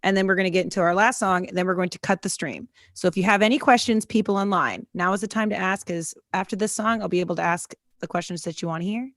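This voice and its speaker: A young adult woman hosting a casual livestream interview, chatty and quick with stories and asides. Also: on the low side, no echo, studio quality. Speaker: comedian interview host.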